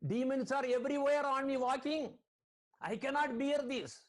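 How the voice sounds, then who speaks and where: A man's voice: very high-pitched, moderate pace, voice pushed up. A man voicing a weeping female Mother Earth goddess, pleading and complaining, in a sermon story. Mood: distressed pleading.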